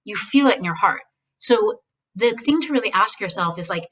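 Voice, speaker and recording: A woman speaking as a guest, giving casual, animated advice on speechwriting and mimicking voices now and then. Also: mid-range voice, normal speed, far from the mic, low-quality recording. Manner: animated, acts out quoted voices, speaks frankly.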